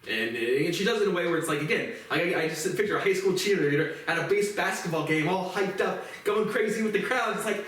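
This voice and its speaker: A man's voice: sits high, expressive, brisk, few pauses, a bit bright. A man giving a profane, rambling and indignant solo commentary. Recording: very echoey room, mic far off.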